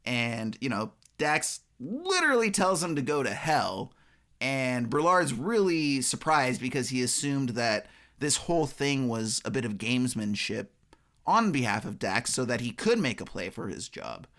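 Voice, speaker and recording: A man co-hosting a casual film podcast who tells stories in a jokey, animated way. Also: medium pitch, a little slow. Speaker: podcast co-host.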